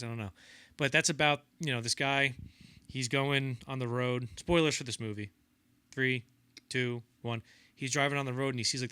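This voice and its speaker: A man's voice: mid-range voice, no room sound. A young man co-hosting a film podcast, chatting casually and acting out the quotes in his stories. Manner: animated storyteller acting out quotes in voices. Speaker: podcast co-host. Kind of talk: casual film-history chat.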